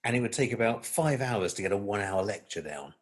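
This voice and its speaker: A man co-hosting a podcast, chatting and telling a joke in a rambling, animated way. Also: lowish voice, fast. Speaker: podcast co-host. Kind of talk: casual chat and joke telling.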